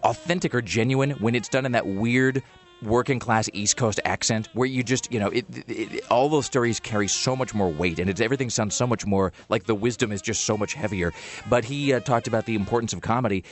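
A man talking at a rapid clip in relaxed podcast chat. He rambles and restarts, stacking filler words as the thoughts pour out. His voice sits at an ordinary middle pitch. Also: soft background music. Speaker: podcast host. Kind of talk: casual chat.

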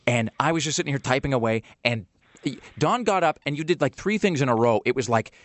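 A male radio host talking fast and casually into a studio microphone. His pitch sits in an ordinary middle range, and his speech is full of fillers and quick restarts as he jokes with his co-host. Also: expressive, no echo.

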